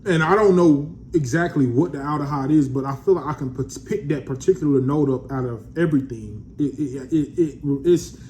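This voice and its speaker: A man's voice: a little high, normal speed, hardly any pauses, a little mellow, a little hiss or hum. A man in a casual vlog reviewing a fragrance, laid-back and slangy, calling his viewers family.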